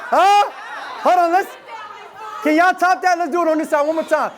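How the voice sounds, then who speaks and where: A young man in his twenties from Detroit giving a live motivational talk, energetic and playful, leading the audience in call-and-response. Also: extremely high pitch, moderate pace. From Detroit, USA. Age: 20s. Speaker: motivational speaker. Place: event room with a live audience. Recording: live room recording with crowd and noise.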